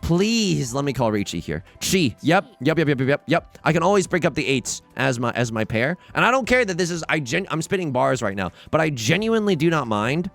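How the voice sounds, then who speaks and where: A young man talks through his own game with lively, jumpy pitch, dropping to low mutters and jumping up to loud outbursts. His tone is wry and self-mocking. Faint music plays under his voice. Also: fairly quick, creaky, hardly any pauses. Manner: excitable, swings from muttering to shouting. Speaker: let's play host. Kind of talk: gameplay commentary.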